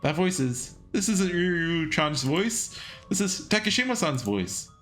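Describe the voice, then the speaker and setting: Man doing chatty game commentary, voice bouncing around, a bit high. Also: big pitch swings, measured pace, fairly bright tone, faint music behind. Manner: reacts aloud, wry and jumpy. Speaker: let's-play host.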